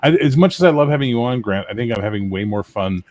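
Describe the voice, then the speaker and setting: A man's voice: mid-range voice, lively intonation, quick pace, no room sound. A man hosting a casual livestream chat, joking and bantering with his guests over a call. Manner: jokey, warm-hearted banter. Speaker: host.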